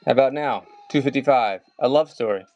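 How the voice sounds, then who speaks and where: The recording is muffled, carrying a slightly mellow, medium-pitched man with a Maryland accent hosting a casual live comics sale. He talks a lot, drifts between topics, and calls out bids quickly.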